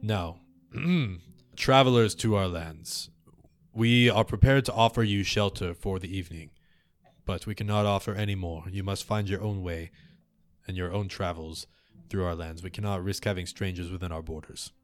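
A man's voice: sits low, steady tone, moderate pace, no room sound, soft background music, lightly acted. A man voicing a stern old male chief of earth creatures who speaks in a formal, commanding way. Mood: grave.

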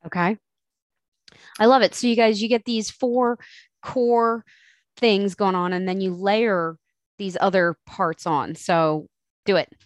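A woman co-hosting a casual chat, playful and quick to joke. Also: medium pitch, steady tone. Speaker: co-host.

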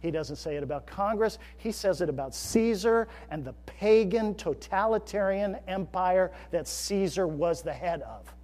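A middle-aged male pastor delivers a sermon in a fairly high voice. He moves between loud, emphatic declarations and soft, conversational asides. The sound carries the long reverb of a large church sanctuary. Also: animated, normal speed, hardly any pauses.

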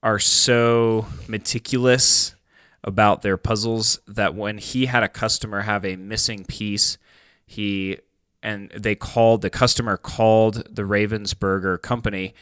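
Male podcast co-host, low smooth voice, loose rambling chat, dry close mic. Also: steady tone, unhurried, fairly bright tone, no echo. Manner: rambling, filler-heavy, enthusiastic.

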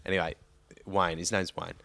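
A man's voice: low voice, little pitch movement, normal speed, vocal fry, pushed and bright, dry recording. An Australian man co-hosting a podcast, telling a rambling, profane story in casual chat. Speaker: podcast co-host.

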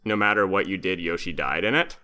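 A podcast co-host chatting casually, laid-back and swearing offhandedly. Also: male voice, low voice, brisk, pushed and bright.

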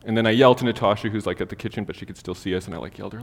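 A man's voice: lowish voice, racing, creaky. A man preaching a sermon, telling a casual personal story full of fillers before turning to scripture. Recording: long hall reverb.

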